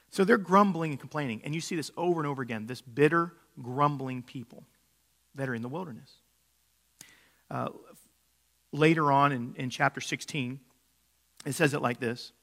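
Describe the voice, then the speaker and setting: A middle-aged pastor preaches a sermon, telling stories casually with many fillers and restarts. His voice is medium-pitched, pushed and bright.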